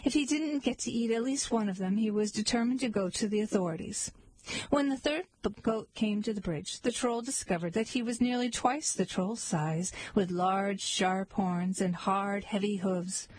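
Woman narrator, fairy tale, mock-earnest, breathy, close dry sound. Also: medium pitch, normal speed, darkish tone, no echo, rough recording. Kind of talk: storybook narration.

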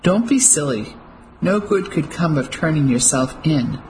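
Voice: medium pitch, expressive, a little slow, darkish tone, a little hiss or hum, natural voice, poor audio. A reader voicing a fierce, grieving woman. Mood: steadying. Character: grieving defiant middle-aged woman.

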